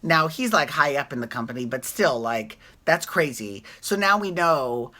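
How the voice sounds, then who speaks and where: Low-pitched, bright-voiced chatty woman vlogger. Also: moderate pace. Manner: rambling, self-correcting, animated asides. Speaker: recap vlogger. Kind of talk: casual chatty TV recap.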